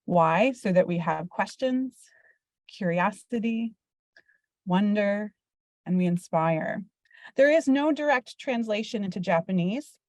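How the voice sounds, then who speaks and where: A woman teacher explaining ideas to parents in a clear, teacherly way over a video call. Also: mid-range voice, animated, measured pace, dry recording. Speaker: elementary school teacher presenting to parents. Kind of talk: explanatory presentation.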